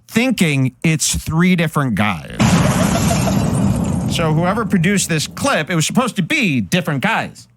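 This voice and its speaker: A male host talks over video clips in reaction commentary, setting up each one. His pitch moves a lot, and the sound is dry and close. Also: no echo. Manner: lively narration, setting up clips.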